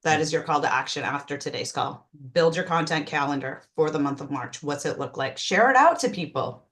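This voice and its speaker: A woman coaching a team on a video call, energetic, with frequent "um"s and restarts. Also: low-pitched, fairly quick. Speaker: team trainer leading a call. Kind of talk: casual group video call.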